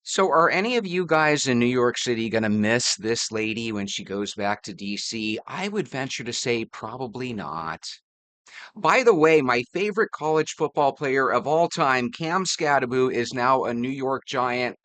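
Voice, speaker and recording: A man's voice: mid-range voice, expressive, normal speed, a bit bright, no room sound. A man hosting a reaction video, joking and chatting between clips. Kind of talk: reaction commentary.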